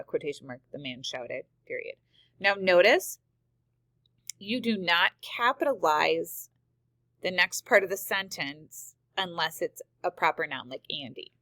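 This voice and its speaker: A woman's voice: low voice, pushed and bright, dry recording. A woman teacher explaining punctuation rules step by step, reading example sentences aloud. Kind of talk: screen-recorded grammar lesson.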